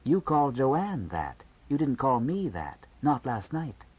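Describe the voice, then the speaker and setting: A man's voice: medium pitch, very animated, unhurried, breathy edge. A man voicing a teasing, flirty woman. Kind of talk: audiobook character voice. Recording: slightly muffled lo-fi recording.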